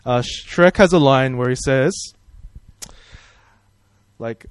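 A man's voice: mid-range voice, moderate pace, smooth, dry recording. A man preaching a sermon in a friendly, conversational way, praying and asking the congregation questions. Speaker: pastor.

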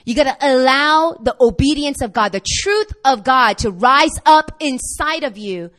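Her voice is high and her intonation lively as she preaches a fervent sermon to the congregation, almost shouting at key moments and throwing quick questions at those listening.

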